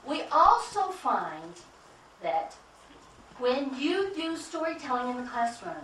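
A woman's voice: sits high, big pitch swings, a little slow, fairly bright tone, echoey room, distant mic, slight background noise, rough recording. A woman from the United States giving an emphatic conference talk, repeating key phrases and asking the audience questions. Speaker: keynote speaker at a conference.

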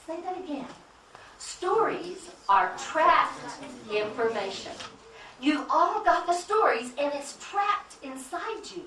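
A woman's voice: high-pitched, reverberant, far from the mic, slight background noise, poor audio. A woman from the United States giving an emphatic conference talk, repeating key phrases and asking the audience questions. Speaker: keynote speaker at a conference.

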